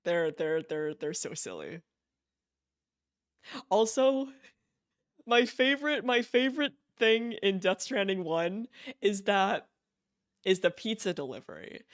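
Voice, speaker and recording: Giggly high-voiced male streamer. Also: lively intonation, takes it slowly, long pauses, fairly bright tone, no room sound, clean studio sound. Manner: gushing, giggly, repeats words. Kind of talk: casual live-stream chat.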